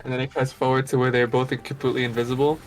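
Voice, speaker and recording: A man's voice: medium pitch, level tone, racing, slight background noise. A young man chatting casually while gaming, rambling through a story and laughing often. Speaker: gamer.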